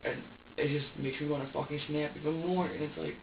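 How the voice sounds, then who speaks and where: A man's voice: a little high, steady tone, vocal fry. An agitated man speaks in a slightly raised voice, stumbling over restarts as he gives his account. He is recorded from a distance in an echoey interview room, and the sound is muffled and a little noisy. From upstate New York. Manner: agitated, halting, many restarts and curses. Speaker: suspect being questioned. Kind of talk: police interrogation statement.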